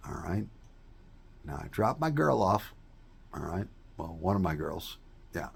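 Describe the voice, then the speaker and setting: A man's voice: low voice, vocal fry, husky. A man in a folksy, rambling casual chat to viewers, often tossing in "all right?" asides. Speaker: vlogger.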